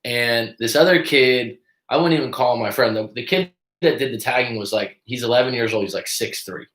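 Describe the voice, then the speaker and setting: A man's voice: mid-range voice, a little fast. Guy coach on a live stream telling a story, lots of swearing, acts out the quotes, echoey room. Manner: profane, animated storyteller who acts out quotes.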